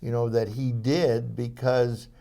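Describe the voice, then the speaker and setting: A mellow-voiced older man recounts his memories as an interview guest. He talks in loose, rambling sentences, full of fillers and false starts. His storytelling is relaxed and anecdotal. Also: medium pitch, slow pace, vocal fry. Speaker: interview guest, former police officer.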